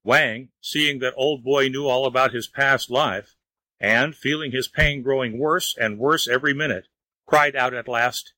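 A man narrating a storybook tale in a measured, even reading voice. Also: medium pitch, no echo, poor audio.

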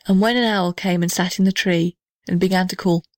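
A woman reading a children's storybook aloud in a gentle, measured way. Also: on the low side, steady tone, no echo, studio quality. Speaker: narrator.

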